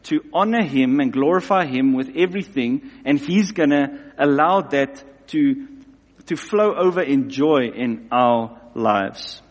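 A man preaching a sermon in an animated way, acting out both sides of everyday scenes. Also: mid-range voice, a little slow. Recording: long hall reverb.

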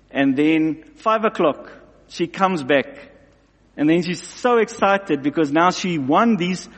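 Guy preaching a sermon, kinda high voice, plays out little scenes, long hall echo. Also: breathy edge. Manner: animated, acts out both sides of everyday scenes.

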